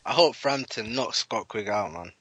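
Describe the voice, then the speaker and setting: A man's voice: on the low side, animated, normal speed, a bit bright, husky, no echo, low-quality recording. A man co-hosting a casual podcast chat, blunt and mocking, often laughing. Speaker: podcast co-host.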